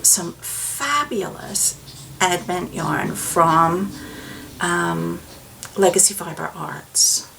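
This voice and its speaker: Slow, rambling woman knitting vlogger. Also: lowish voice, creaky, fairly bright tone, a little hiss or hum, poor audio. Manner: chatty, rambling, with many fillers and asides to her dog. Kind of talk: casual chat to camera.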